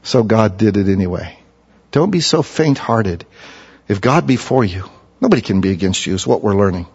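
A middle-aged male pastor preaching a sermon, telling folksy stories and swinging from hushed, low passages to loud, emphatic ones. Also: fast, breathy edge. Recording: dull lo-fi recording.

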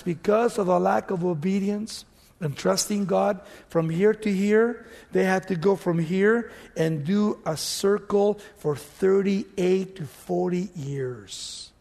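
A man preaching a sermon, telling the story dramatically and swinging from loud outbursts to hushed lines. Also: high-pitched, gravelly, big-room sound.

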